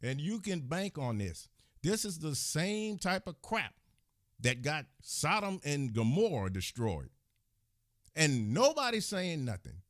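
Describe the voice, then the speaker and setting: A man's voice: on the high side, big pitch swings, takes it slowly, no room sound, studio quality. An angry, indignant man ranting. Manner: heated, indignant, scolding. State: agitated. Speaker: channel host. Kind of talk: angry commentary rant to the camera.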